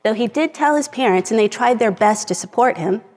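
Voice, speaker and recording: A woman's voice: on the high side, animated, a little fast, darkish tone. Earnest woman speaking in a reverberant hall. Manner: earnest, reads from a script, gets emotional at times. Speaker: speaker giving a talk. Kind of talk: personal talk to a live audience. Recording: long reverb of a large hall.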